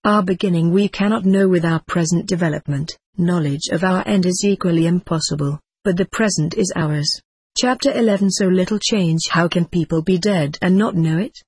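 A woman reads aloud from an old book, measured and formal in her delivery. Her voice is a bit low and husky. The recording is dry and close. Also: a little mellow, no room sound. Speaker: audiobook narrator. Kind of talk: scripted narration.

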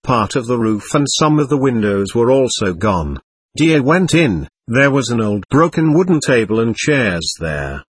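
Husky man narrating an audiobook. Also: mid-range voice, very animated, no echo. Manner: earnest, measured storytelling. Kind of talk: audiobook narration of a first-person memoir.

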